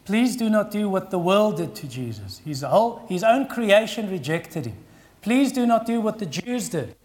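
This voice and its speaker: A man, a pastor preaching an earnest, pleading sermon with dramatic pauses. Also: high voice, big pitch swings, darkish tone.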